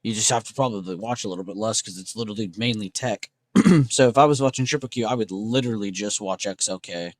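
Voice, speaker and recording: Speaking fast in a fairly low voice with no echo, this young male trading streamer chats loosely with his audience. He keeps it laid-back and full of slang, tossing out "bro" and "dude" to the chat.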